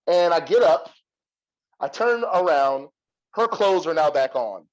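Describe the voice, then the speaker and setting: Young guy podcast host telling a story, cussing, laughing, kinda high voice, muffled lo-fi mic. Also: measured pace. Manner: profane, animated, laughs a lot. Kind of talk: casual storytelling.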